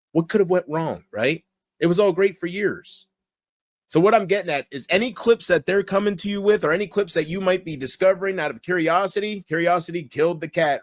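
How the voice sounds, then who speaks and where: Laid-back man rambling to his chat. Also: no echo. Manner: relaxed, rambling, talks straight to viewers in chat; keeps his voice low on purpose. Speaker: livestreamer. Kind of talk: casual late-night livestream chat.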